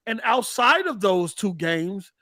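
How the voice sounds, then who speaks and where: Animated high-voiced man talking games. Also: dry recording. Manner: animated, rapid, repeats words when excited. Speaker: podcast host. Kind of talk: casual gaming chat.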